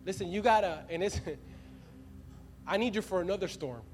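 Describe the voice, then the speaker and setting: A man's voice: high voice, normal speed. A man in his thirties preaching a sermon as a pastor, conversational and laughing often as he speaks to the congregation. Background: music.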